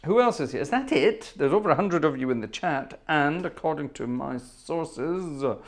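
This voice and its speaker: A man's voice: fairly high pitch, expressive, normal speed. A man hosting a home organ livestream, chatting casually and greeting viewers by name with jokes, wearing headphones. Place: home music room.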